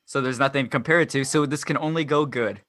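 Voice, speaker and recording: A young man hosts a podcast in a bright, forceful voice, rambling on and poking fun at himself. The sound is dry and close, with no room around it. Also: mid-range voice, fast talker, dry recording. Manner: jokey, self-deprecating, rambling. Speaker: podcast host. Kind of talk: casual podcast chat.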